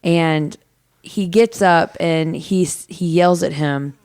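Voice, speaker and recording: A woman's voice: fairly low pitch, slow, darkish tone, smooth, dry recording, studio quality. A woman co-hosting a podcast, recapping a film scene in casual chat, with lots of ums and quoted lines. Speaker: podcast co-host.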